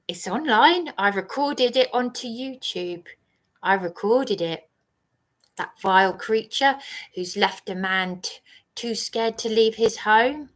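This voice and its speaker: A woman ranting angrily on a livestream, accusing and repeating herself. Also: mid-range voice. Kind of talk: angry livestream rant.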